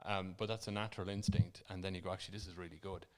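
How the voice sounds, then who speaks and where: Man, very deep voice, thoughtful, explains things, podcast co-host. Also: level tone, very fast, darkish tone. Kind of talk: casual podcast chat.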